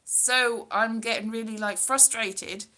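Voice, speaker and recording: A woman's voice: fairly high pitch, fairly even intonation, slow, bright, forceful tone. A woman from Wales talking casually to camera in a rambling, self-deprecating vlog, full of fillers and restarts. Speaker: vlogger. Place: home, London.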